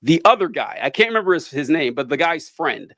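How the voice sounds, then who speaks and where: High-voiced man, dry close sound. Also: very animated, brisk, fairly bright tone, dry recording. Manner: rambling, self-interrupting, wry. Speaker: podcast co-host. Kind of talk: casual movie review chat.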